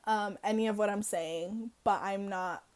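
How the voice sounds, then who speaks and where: A woman's voice: medium pitch, fairly even intonation, measured pace, a little mellow. A teenage girl chatting casually to camera in a storytime vlog, full of fillers and giggles. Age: teens. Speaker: vlogger. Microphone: camera in her room.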